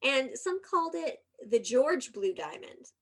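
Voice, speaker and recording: Chatty lady podcaster, kinda high voice, goofy asides while she tells the story. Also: big pitch swings, a little slow. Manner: chatty, giggly, playful asides. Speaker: podcast co-host. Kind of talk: casual storytelling chat.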